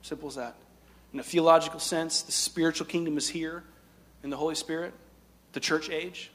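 A man preaching a sermon in a high, lifted voice. He swings between loud emphatic lines and quiet, hushed asides. His voice carries a long hall reverb. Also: level tone, a little fast. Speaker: pastor.

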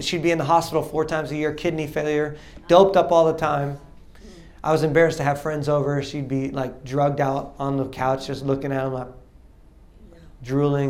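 Young male preacher in his twenties, animated testimony delivery, slightly raised pitch. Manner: animated storytelling, acts out dialogue, laughs often. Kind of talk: testimony sermon.

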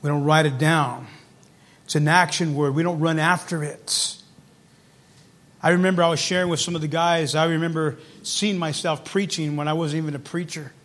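A man preaching as pastor, telling his story quietly, then building to loud, fervent calls. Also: a little high. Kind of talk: sermon.

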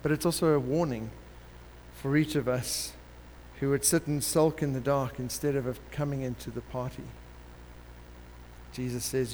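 A man preaching a sermon, telling a parable in an animated way and acting out the characters. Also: mid-range voice, a little slow. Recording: long hall reverb with faint background noise.

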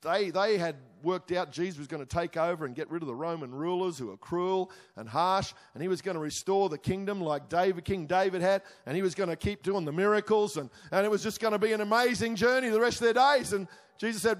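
A high-voiced man preaching from the pulpit, his tone swinging from emphatic bursts down to quiet, intimate asides. The sound carries the long reverb of a church hall. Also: brisk, few pauses. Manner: emphatic, rising to exclamations then dropping low and intimate. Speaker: pastor. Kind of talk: sermon.

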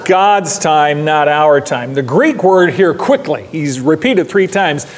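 Man preaching in a church, emphatic and repetitive, fairly high voice, long hall echo. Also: lively intonation, takes it slowly. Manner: emphatic, repeats key lines for stress. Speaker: pastor. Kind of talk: sermon.

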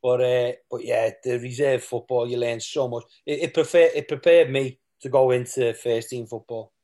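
A man's voice: mid-range voice, steady tone, normal speed, warm tone. Male guest, ex-player, candid and rambling as he recalls his playing days. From England. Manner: rambling, with restarts and quoted asides. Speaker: former footballer, guest. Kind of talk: candid interview storytelling.

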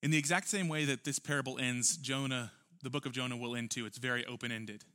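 Bright-voiced man preaching a sermon. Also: medium pitch. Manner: earnest, emphatic preaching with rhetorical questions. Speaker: pastor.

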